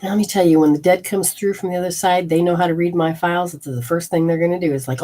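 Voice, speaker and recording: A woman's voice: on the low side, steady tone, fast, mellow. A woman hosting a healing show, talking straight to the viewer, emphatic and folksy, with rhetorical questions and exclamatory asides. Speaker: host and energy healer. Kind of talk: instructional health show.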